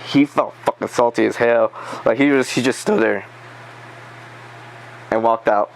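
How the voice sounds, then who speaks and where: A man telling a story in a casual podcast chat, animated, swearing and acting out the quotes. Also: medium pitch, measured pace, creaky, a little hiss or hum, low-quality recording. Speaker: podcast guest.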